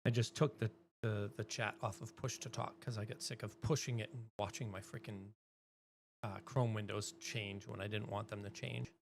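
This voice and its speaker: A middle-aged woman streaming live, chatting casually and breaking into loud exclamations. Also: a bass voice, steady tone, normal speed, gravelly, a little hiss or hum.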